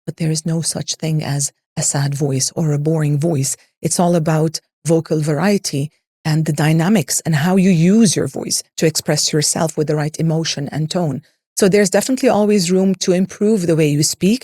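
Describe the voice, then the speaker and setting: A woman's voice: deep voice, normal speed, mellow, dry recording. A woman voice coach explaining ideas in an interview, in an instructive way that uses lists and rhetorical questions. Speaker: voice and public speaking coach.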